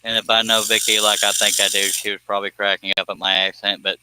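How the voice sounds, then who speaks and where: A man's voice: fairly low pitch, flat delivery, fast, background noise. A man with a Southern US accent chatting casually to viewers on a phone live stream, rambling and self-deprecating with frequent chuckles.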